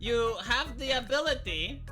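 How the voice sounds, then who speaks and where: A man's voice: very high-pitched, expressive, unhurried, over music. A man with an accent, complaining earnestly in a video monologue, often stalling and restarting.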